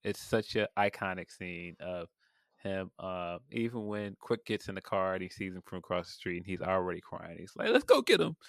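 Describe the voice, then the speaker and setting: A man co-hosting a podcast, talking about a film in a laid-back, soft way and laughing often. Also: sits low, fairly even intonation, normal speed, clean tone, dry recording, clean studio sound. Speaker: podcast co-host. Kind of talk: casual film review chat.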